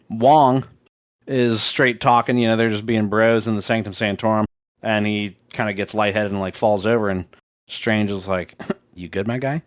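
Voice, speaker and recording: Dude on a podcast just chatting, swears a lot, says like constantly, dry dead room. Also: male voice, fairly low pitch, flat delivery, a little slow, clear, resonant tone, dry recording. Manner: loose and profane, heavy on fillers, laughs while talking. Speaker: podcast co-host. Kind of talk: casual chat retelling a comic.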